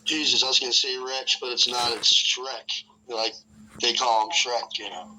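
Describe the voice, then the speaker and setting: A man's voice: flat delivery, moderate pace, crowd noise, rough recording. A man hosting a podcast, telling a rambling, profane story from northern Michigan in a loose, casual way. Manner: rambling, profane, acts out voices with big jumps in pitch. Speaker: podcast host.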